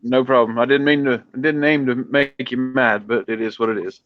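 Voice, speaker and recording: A man's voice: medium pitch, fairly even intonation, fairly quick, no room sound, muffled recording. A man hosting a casual chat, easygoing and agreeable. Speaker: host.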